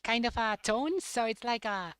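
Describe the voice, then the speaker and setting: Halting young man chatting on stream. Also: very high voice, lively intonation, a bit bright, clean tone, no room sound. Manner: halting, repeats words, laughs often. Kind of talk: casual chat while playing a game.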